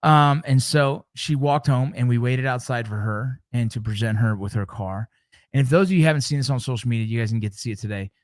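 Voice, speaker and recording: A man's voice: mid-range voice, fairly quick, no echo, studio quality. A middle-aged man hosting a show, talking to his listeners in an earnest, heartfelt way, with repeated words and restarts. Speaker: show host. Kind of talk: casual motivational talk to listeners.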